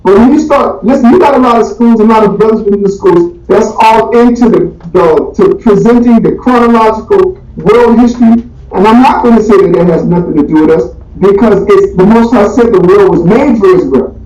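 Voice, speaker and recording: High-voiced man teaching a Bible class. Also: brisk. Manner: animated, slangy, rhetorical questions. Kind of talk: casual teaching Q&A. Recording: echoey, distant, dull room recording.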